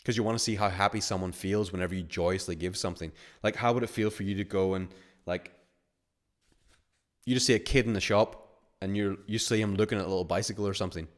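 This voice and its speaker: A man's voice: low-pitched, steady tone, fast talker. A man hosting a webinar as a money-mindset coach, talking casually in a rambling, filler-heavy way and acting out little scenarios.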